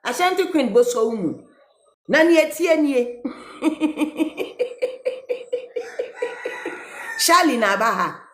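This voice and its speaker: A woman's voice: sits high, very animated, normal speed, fairly bright tone, echoey room. A woman with a Ghanaian accent, ranting mockingly in a casual reaction video and reading a letter aloud. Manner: mocking, switching between English and Twi, reading a letter aloud. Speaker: social media commentator.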